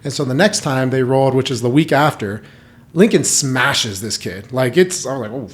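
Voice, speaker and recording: A man talking as a podcast guest in casual chat, telling lively stories and saying "like" a lot. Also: mid-range voice, normal speed. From United States. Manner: animated storytelling, heavy use of "like".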